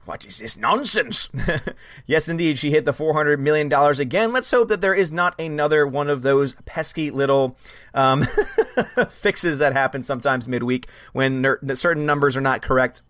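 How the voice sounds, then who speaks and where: This is a man hosting a casual live stream, reading out viewer comments and chatting back at them. His voice sits fairly high for a man and sounds close and dry. He talks in an animated, chatty way. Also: moderate pace, no echo. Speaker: livestream host.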